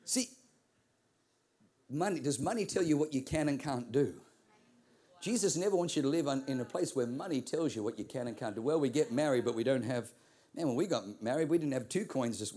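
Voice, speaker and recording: A man from Australia preaching a sermon, telling stories in an animated way with repeated words. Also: medium pitch, breathy edge. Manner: animated storytelling with comic voices and repeated words.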